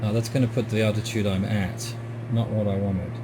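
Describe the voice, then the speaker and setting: A man's voice: lowish voice, little pitch movement, a little fast. Musing Australian man, noisy room. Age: middle-aged. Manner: musing, talks himself through it. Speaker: streamer. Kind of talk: gameplay commentary.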